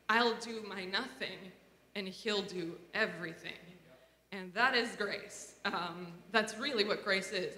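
Conversational and reflective, this woman's personal talk is sprinkled with fillers and restarts, delivered in a pushed, bright voice of medium pitch. Long reverb from an echoey room and faint noise color the recording.

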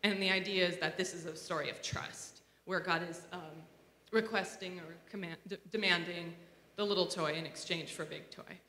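A woman's voice: on the low side, fairly even intonation, normal speed, sharp tone. A woman giving a reflective personal talk in a conversational way, with many fillers and restarts. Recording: echoey room with long reverb, faint noise.

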